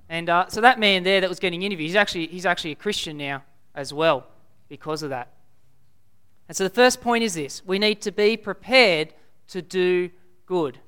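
A preacher giving a sermon in a measured, explanatory way, reading scripture aloud. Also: medium pitch, fairly bright tone, clean tone.

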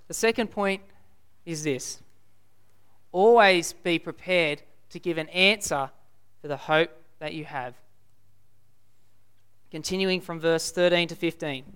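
A preacher giving a sermon in a measured, explanatory way, reading scripture aloud. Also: medium pitch, fairly bright tone, smooth.

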